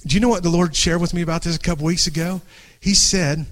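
A middle-aged man preaching an impassioned sermon to a congregation, dropping to a hush and then rising, often restarting phrases. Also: fairly high pitch, fairly even intonation, fast talker. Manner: earnest, swings from hushed to raised, restarts phrases. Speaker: pastor. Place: church before a congregation.

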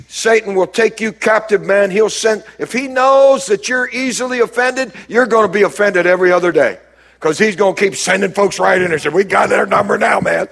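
A man preaches a sermon in a husky, slightly high voice. He swings between hushed, low passages and emphatic, raised lines. He speaks as a pastor addressing his congregation.

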